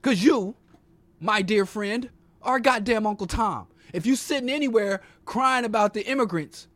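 A man's voice: high voice, dry recording. A man delivering an impassioned, profane political monologue with a preacher-like cadence and rhetorical questions.

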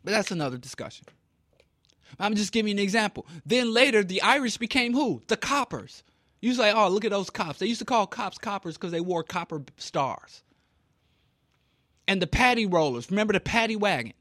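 A man's voice: sits high, lively intonation, brisk, pushed and bright, no echo, clean studio sound. A man from Kansas City giving an impassioned talk, emphatic and preachy, with rhetorical questions. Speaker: speaker.

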